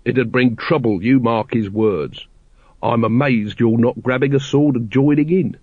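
A man voicing a gloomy, dry-witted male city watch captain who talks slowly and sardonically. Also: medium pitch, darkish tone, husky, dry recording. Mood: sardonic. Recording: dry, slightly dull studio recording.

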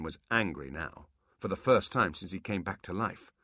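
Deep-voiced male storyteller, lively and bright, husky, dry close mic; good for fantasy audiobooks. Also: moderate pace, no room sound. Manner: expressive storytelling. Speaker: audiobook narrator. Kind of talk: scripted fantasy narration.

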